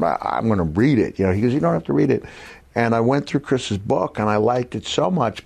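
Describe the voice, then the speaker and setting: A man's voice: on the low side, creaky, darkish tone. A man hosting a podcast, telling stories in casual chat, rambling with fillers and restarts. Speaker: podcast host.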